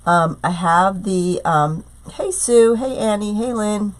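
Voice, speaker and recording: A middle-aged woman, hoarse from a cold, chats her way through a live craft tutorial streamed from a tablet, greeting viewers by name. Her voice is mid-range and her pace slow.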